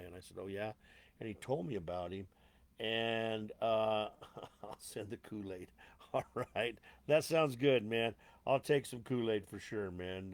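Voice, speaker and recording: A man's voice: lowish voice, creaky, no room sound. A man hosting a live show in a casual, rambling way, greeting viewers as if they were a stage crowd and cursing lightly as he goes. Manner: rambling, with frequent fillers and mild cursing. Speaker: host.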